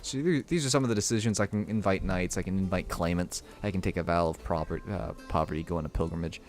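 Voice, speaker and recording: A man giving casual live commentary while streaming a strategy game, thinking out loud and reading the game's text aloud. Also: deep voice, quick pace, faint music behind.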